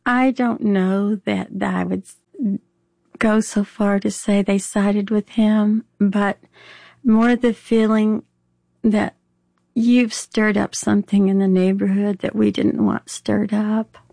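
Slow, gravelly older Southern woman. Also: medium pitch, little pitch movement, dark tone, dry recording, studio quality. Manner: plainspoken, wry, laughs a little. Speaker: interviewee. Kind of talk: personal storytelling.

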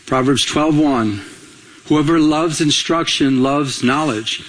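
A male pastor preaching a sermon in an animated way, acting out everyday dialogue and repeating himself as he talks. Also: a little high, slow. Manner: animated, acts out quoted dialogue, frequent repetitions.

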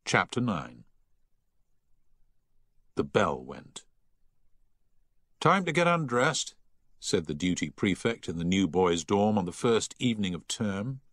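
A man reading a novel aloud as narrator in a measured storytelling manner. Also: deep voice, fairly bright tone, dry recording, clean studio sound. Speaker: audiobook narrator. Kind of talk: scripted narration.

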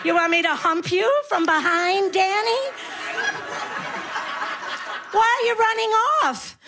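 Comic in her sixties doing a loud mishearing pretend-deaf granny, high and shrill. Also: normal speed, very noisy. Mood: mock-deaf. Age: 60s.

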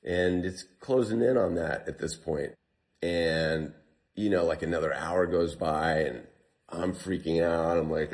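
A man telling a long survival story in an interview, retelling what people said in lively bursts. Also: deep voice, unhurried. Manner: animated retelling, quotes himself and others.

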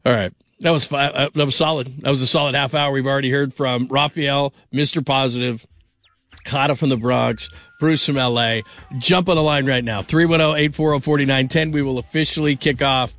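A man's voice: medium pitch, fairly even intonation, a little fast, a bit bright, faint music behind. A middle-aged man hosting a late-night sports call-in radio show, rambling casually with frequent laughs and restarts.

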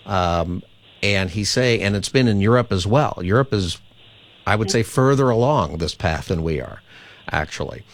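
A man's voice: lowish voice, lively intonation, normal speed. A man hosting a call-in radio talk show, explaining his views earnestly and often repeating words as he thinks aloud.

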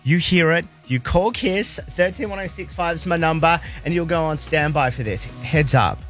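A man's voice: fairly high pitch, normal speed, fairly bright tone. A man with bronchitis, hosting a radio contest with playful, jokey patter over a music bed. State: sick with bronchitis. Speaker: radio host.

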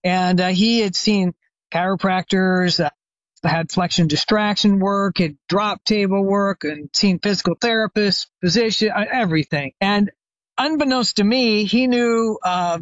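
A man's voice: high voice, a little slow, no echo, dull audio. An older man, a retired chiropractor, telling a long anecdote as a guest expert in an interview, with many fillers and restarts. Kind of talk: conversational storytelling interview.

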